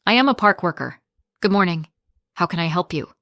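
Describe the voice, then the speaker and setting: Woman doing friendly male teacher, calm, plain and measured, dry close sound. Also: lowish voice, no echo.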